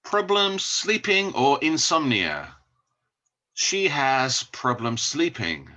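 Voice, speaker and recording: A male teacher leads a recorded English lesson, saying each word and then repeating it. His voice is bright, his pitch moves a lot, and he takes each phrase at an unhurried pace. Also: big pitch swings. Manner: slow, repeats each word for learners to copy.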